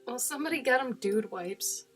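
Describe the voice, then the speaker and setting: A woman's voice: fairly high pitch, lively intonation, normal speed, over music. A woman with a slight Minnesotan accent, chatting and joking casually while she paints on a livestream. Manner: chatty, joking, playful outbursts. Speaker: livestream host.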